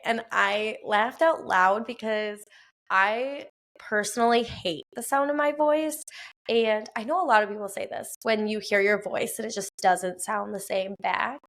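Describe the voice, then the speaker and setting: Her voice a little high, this Wisconsin-accented podcast host in her thirties records solo at night in a quiet home. The talk is casual and chatty, peppered with fillers and quick laughter.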